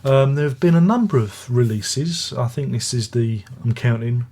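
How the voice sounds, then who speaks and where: With a warm, mid-range voice and a moderate pace, this older British music reviewer wanders through his album review, often starting sentences over and drifting into chatty asides.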